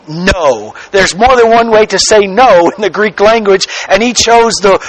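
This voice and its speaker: A man preaching a sermon as pastor, slow and emphatic, stretching out key words for weight. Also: sits high, a bit bright, no room sound, low-quality recording.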